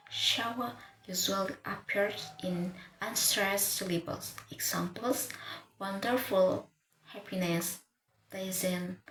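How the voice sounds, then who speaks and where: A woman's voice: mid-range voice, a bit bright, slight background noise. A woman giving an English pronunciation lesson, speaking carefully and often restarting or repeating words as she goes. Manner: restarts words, repeats them while reading notes. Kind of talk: slow, careful lesson delivery. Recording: echoey room with faint ambience.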